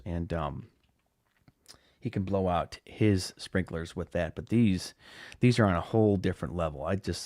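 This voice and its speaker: A man with a very low voice hosts a live-streamed podcast in a relaxed, rambling way, restarting his sentences and filling gaps with "uh" and "like". He sounds dry and close, with no room around him. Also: dry recording. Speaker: podcast host. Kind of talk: casual live-stream chat.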